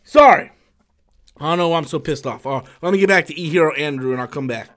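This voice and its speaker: A man's voice: on the high side, rapid-fire, a bit bright. A man hosting a casual live stream, ranting in a heated, profane way with lots of swearing and loose, restarting speech. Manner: many fillers and restarts, loose talk.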